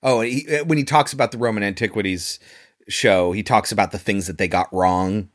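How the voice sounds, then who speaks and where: Male podcast co-host, lowish voice, analytical and easygoing film critic. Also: fairly quick. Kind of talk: casual critical chat.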